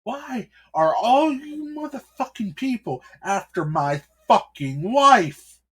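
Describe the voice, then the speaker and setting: Enraged swearing husband, contemptuous rants, husky low voice, a man voicing him. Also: takes it slowly. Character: furious man defending his kidnapped wife.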